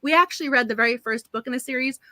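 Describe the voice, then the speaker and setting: A woman hosting a book club stream, chatting casually with frequent giggles and quick apologies. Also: sits high, bright, forceful tone, no echo. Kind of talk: casual live-stream chat.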